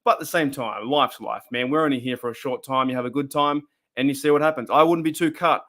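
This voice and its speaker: A fast-talking Australian man with a medium-pitched, fairly bright voice runs a casual fan livestream. He rambles in a chatty way while reading viewers' chat comments out loud.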